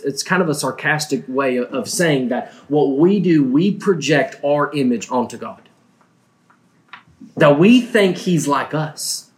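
A man preaching a sermon, telling a personal story earnestly, often restarting his words. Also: mid-range voice. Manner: earnest, halting with frequent restarts.

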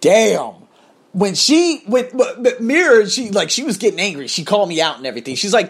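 A man's voice: high voice, very animated, fairly quick, husky. A man telling a blunt, profane personal story in a confessional monologue.

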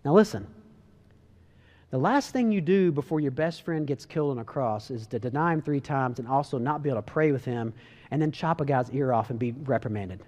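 A man preaching a casual, animated sermon, telling a story and acting out the voices. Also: mid-range voice, brisk, in a large hall. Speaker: pastor.

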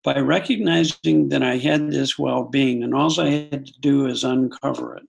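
Gravelly-voiced man telling a personal story. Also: mid-range voice, moderate pace. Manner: earnest, reflective, with frequent restarts. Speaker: guest. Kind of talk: conversational storytelling.

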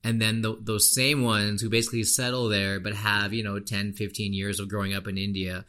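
A young man hosting a podcast, ranting casually in an animated, frustrated way with plenty of fillers. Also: lowish voice, brisk. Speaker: podcast host. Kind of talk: casual opinion rant.

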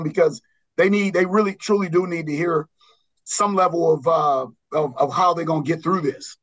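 Brief: man from Los Angeles, basketball coach, higher-pitched voice, earnest and rambling as a podcast guest. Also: fairly quick, a bit bright, rough recording. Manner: earnest, rambling, with many restarts.

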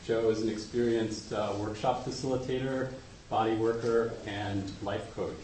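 A man hosting a meeting, introducing the guest speaker with hesitant pauses and a dry joke. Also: on the low side, steady tone, a little mellow, far from the mic, slight background noise. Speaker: meeting host. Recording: echoey room, off mic.

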